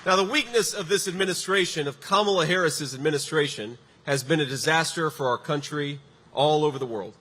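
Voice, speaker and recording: Speaking briskly, a political candidate fires up a crowd at a large rally venue, his bright voice pitched high for a man. He delivers emphatic, punchy lines with sarcastic jabs, and a long hall echo sits over faint noise.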